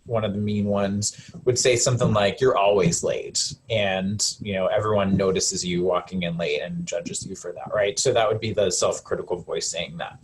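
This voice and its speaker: A man presenting a live self-compassion webinar as a counselor, speaking gently and conversationally with frequent fillers and restarts. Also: fairly low pitch, slight background noise.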